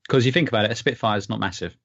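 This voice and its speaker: Low-voiced man explaining aircraft details. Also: very fast, creaky, a bit bright, dry recording, dull audio. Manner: knowledgeable, explains aviation details. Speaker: podcast co-host. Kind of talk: casual podcast chat.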